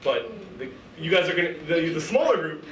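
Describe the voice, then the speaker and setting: A young man hosting improv games, loud and excitable, often breaking into shouting. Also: on the high side, brisk. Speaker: improv game host. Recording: echoey room, mic at a distance, faint noise.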